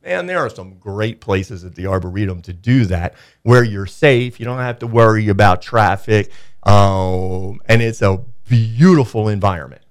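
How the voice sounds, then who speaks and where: Low-voiced man, radio guest, enthusiastic rambler with filler words. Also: normal speed, smooth, no room sound, studio quality. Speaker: studio guest, media company owner. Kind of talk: casual radio chat. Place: radio studio.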